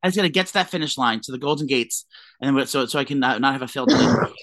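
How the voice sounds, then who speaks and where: A man talking at a quick clip on a podcast, spinning dramatic, gossipy stories about his life. His delivery is animated and theatrical. The sound is close and dry, with no room echo. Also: medium pitch. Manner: fast, gossipy, dramatic storytelling. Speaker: podcast co-host. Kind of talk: casual chat.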